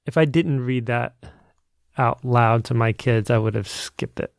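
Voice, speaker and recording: A man's voice: mid-range voice, unhurried, creaky, dry recording, clean studio sound. A man, a parent, chatting earnestly on a book podcast. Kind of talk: casual chat.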